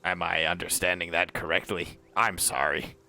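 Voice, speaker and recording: A man playing a tabletop game, speaking hesitantly and politely with many pauses. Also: sits low, flat delivery, bright, forceful tone. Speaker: player. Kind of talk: casual tabletop play.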